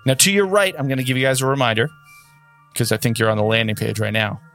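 A man acting as game master, chatting casually with players and narrating the scene slowly and dramatically. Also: fairly low pitch, steady tone, fairly bright tone, soft background music. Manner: slow, deliberate dramatic narration.

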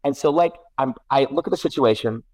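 A man's voice: mid-range voice, brisk, no echo, rough recording. A middle-aged man, a guest parent, telling a casual story with many restarts and self-corrections. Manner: rambling, self-correcting, animated.

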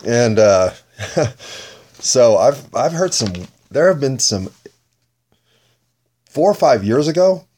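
A man's voice: mid-range voice, very animated, slow pace, long pauses, a little mellow. A man recording a rambling personal monologue, meandering and correcting himself as he goes, often laughing at himself. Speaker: solo podcaster.

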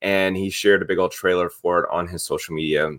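Low-voiced upbeat male podcast host. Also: fairly even intonation, fairly quick, fairly bright tone. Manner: upbeat, reads stories conversationally. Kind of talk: casual chat and news rundown.

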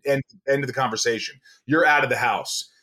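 A man raised in Indiana, a podcast guest telling lively personal stories in casual chat and acting out the voices of the people in them. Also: medium pitch, a little fast. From United States, raised in Indiana. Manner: animated storyteller, acts out voices in his anecdotes.

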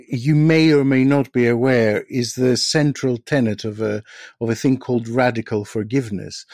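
Podcast host guy, measured and thoughtful, dry close mic. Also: medium pitch, a little mellow, no echo. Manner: measured, reflective, articulate. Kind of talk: scripted intro then interview questions.

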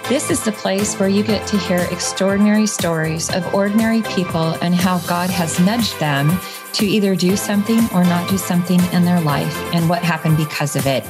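A woman's voice: fairly low pitch, fairly quick, over music. A woman hosting a podcast, introducing the show and prompting her guest in a friendly, loosely phrased way. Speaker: podcast host. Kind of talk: casual podcast interview.

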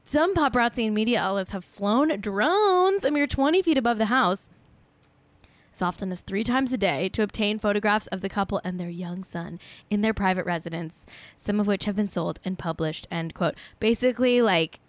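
A woman's voice: medium pitch, animated, normal speed, no room sound. A woman co-hosting a casual podcast, chatting about celebrity gossip in a rambling way with plenty of filler words. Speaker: podcast co-host.

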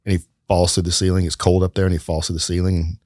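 A man's voice: sits low, little pitch movement, fast, darkish tone, dry recording. A middle-aged man co-hosting a podcast in casual chat, easygoing with dry teasing remarks. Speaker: podcast co-host.

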